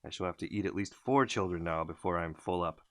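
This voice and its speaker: A man's voice: low-pitched, quick pace, dry recording, clean studio sound. A man voicing a scheming, greedy male crocodile who mutters and gloats to himself.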